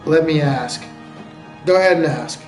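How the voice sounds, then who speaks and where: An American man on a live game stream, chatting loosely with viewers and joking as he answers their questions. His voice sits a little high for a man. The sound is roomy and echoey, with faint music playing underneath. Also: a little slow, a little mellow. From United States. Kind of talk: casual live-stream chat.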